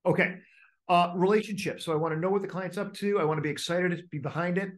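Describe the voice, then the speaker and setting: Leading a group coaching call, a man with a high voice talks quickly and casually, full of fillers and restarts. He's animated in this teaching talk, acting out inner voices.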